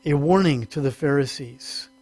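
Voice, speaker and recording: In a sermon teaching scripture, a pastor speaks at normal speed in a somewhat high, slightly mellow voice. He's talky and self-correcting, and his voice rises when he pushes a point. The sound is close and dry with no echo, apart from a faint mains hum.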